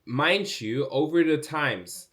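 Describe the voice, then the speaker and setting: Chatty young man telling a storytime. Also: slow. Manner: animated, acts out quoted speech with big pitch jumps; chatty, many fillers like "like" and "bro". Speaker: vlogger. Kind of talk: casual storytime.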